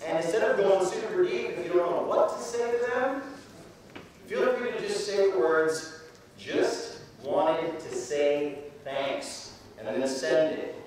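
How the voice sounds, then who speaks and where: A man's voice: high voice, animated, moderate pace, slight background noise. A man from Canada giving a motivational keynote speech to students, conversational and acting out quoted voices. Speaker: keynote speaker. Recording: echoey hall from far off.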